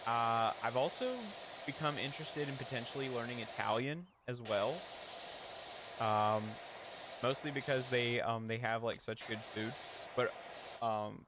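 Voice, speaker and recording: A young man chatting on his stream in an easygoing, rambling way, full of fillers. His voice sits at an ordinary middle pitch. A steady hiss stays under his desk mic. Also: a little slow. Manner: rambling, with many fillers and laughs. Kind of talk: casual chat. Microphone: headset or desk mic with an audio interface.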